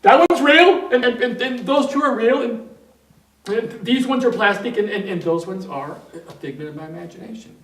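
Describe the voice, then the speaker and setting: A man's voice: on the high side, quick pace, vocal fry, few pauses, pitched above the performer's own voice. A man playing a terrified, hallucinating male patient who stammers and repeats himself in a frantic rush. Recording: roomy hall, distant mic.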